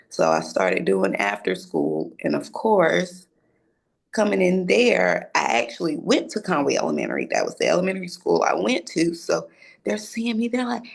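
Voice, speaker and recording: A woman's voice: lowish voice, moderate pace, creaky, slightly rough. A young adult woman telling a personal story in a casual way, acting out the conversations she had. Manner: acts out conversations, casual and animated. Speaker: storyteller, recent graduate.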